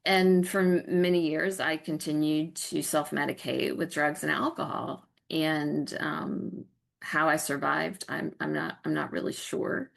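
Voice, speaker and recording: A middle-aged woman from North Carolina, a guest telling her personal story candidly and reflectively, with halting restarts. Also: low voice, fairly even intonation, gravelly. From North Carolina, USA.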